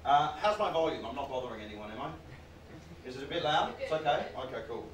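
A male comedian telling a story live on stage, with an animated, punchy delivery and sudden loud outbursts. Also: mid-range voice, fast talker. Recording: echoey, distant, noisy room mic.

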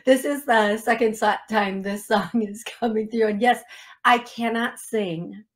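A woman's voice: fairly high pitch, steady tone, measured pace. A woman hosting a psychic medium radio show, chatty and self-deprecating, often laughing at herself. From United States. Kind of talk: casual radio show talk.

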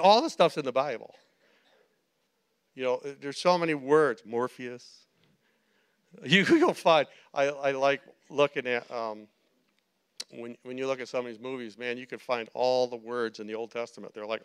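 A man's voice: medium pitch, moderate pace, clean tone. A man preaching a sermon as pastor, moving from easy conversational teaching to fervent, rising exhortation. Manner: conversational preaching that builds to impassioned shouting. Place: church sanctuary.

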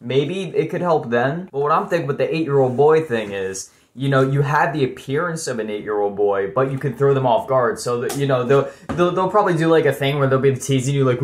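A man's voice: medium pitch, a little fast, hardly any pauses, slight background noise. Young male vlogger, laid-back and rambling, ordinary mid voice, echoey room. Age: young adult. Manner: rambling, laid-back, says dude and like a lot. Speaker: YouTuber. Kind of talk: casual solo commentary.

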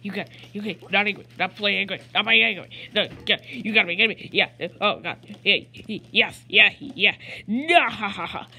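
A woman voicing an excitable male cowboy toy sheriff in gameplay commentary, repeating and sputtering words. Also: mid-range voice, moderate pace, few pauses, slight background noise, lightly acted. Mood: frustrated. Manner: repeats phrases over and over, sputters and stammers. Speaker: gamer playing in character.

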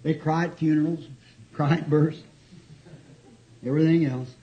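A man's voice: fairly high pitch, steady tone, moderate pace. A man, preaching a fervent sermon to a congregation, exclaiming and chuckling between points. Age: 50s. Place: church before a responding congregation. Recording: dull old 1960s tape recording.

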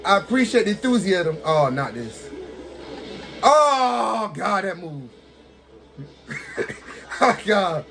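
A man with a fairly high voice talks through a fighting game match, excitable and chatty, cheering and scolding the characters on screen. His commentary jumps between calm explanation and sudden loud reactions. Faint music plays behind him. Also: drawn-out words, gravelly, pauses often. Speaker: gaming streamer. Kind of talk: casual gameplay commentary.

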